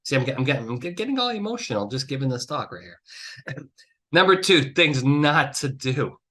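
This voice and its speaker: Brisk and sing-song, his fairly bright mid-range voice carries a solo podcast where this trial consultant gives blunt, emphatic advice peppered with swearing and exasperated outbursts.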